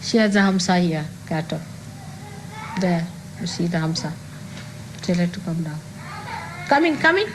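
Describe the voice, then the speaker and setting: A woman's voice: lowish voice, fairly even intonation, a little slow, long pauses, noisy background. An older woman speaking as a spiritual teacher, giving an emphatic talk to an audience and repeating key phrases.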